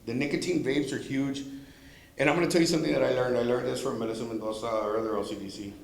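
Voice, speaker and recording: Casting: man, mid pitch, easygoing storyteller presenting to parents, heavy room echo. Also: fairly even intonation, quick pace, creaky. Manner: storytelling, acting out quoted speech. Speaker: drug prevention presenter. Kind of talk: informal school presentation.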